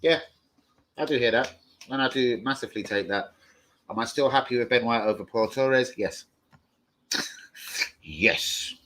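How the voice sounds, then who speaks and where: A man hosts a football fan live stream, reading and answering viewer comments as he goes. He talks in loose, rambling bursts, swearing constantly and getting worked up. His voice sits in an ordinary middle pitch. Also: unhurried, pauses often, low-quality recording. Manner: foul-mouthed, rambling, excitable rants. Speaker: football fan channel host.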